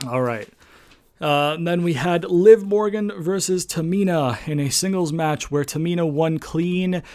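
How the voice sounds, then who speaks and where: A man's voice: a little high, a little slow, a little mellow. A young man giving a casual spoken recap of a wrestling show, rambling with many fillers and restarts and swearing freely.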